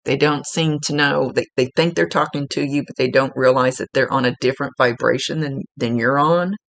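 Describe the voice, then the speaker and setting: Woman psychic medium, gravelly low rasp, dry close sound, chatty and rambling reading style. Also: brisk, no echo. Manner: informal, rambling, with many fillers and restarts. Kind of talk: one-on-one spiritual reading. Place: at home, seated.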